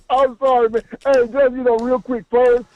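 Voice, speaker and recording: A man's voice: extremely high pitch, darkish tone. A man calling into a live show, talking in a rambling, emphatic way and repeating his words. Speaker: caller. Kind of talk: casual call-in chat. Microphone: phone. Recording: tinny phone line.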